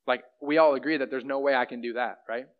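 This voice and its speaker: Fast and fairly even in intonation, this young man's mid-range voice carries a sermon that feels more like conversation. As pastor, he keeps checking in with the room by asking "right?" The audio is muffled and lo-fi.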